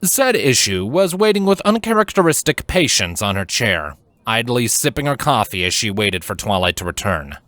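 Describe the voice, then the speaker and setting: A man reading fan fiction aloud as scripted narration, measured and steady. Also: on the low side, no room sound. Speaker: fanfiction reader.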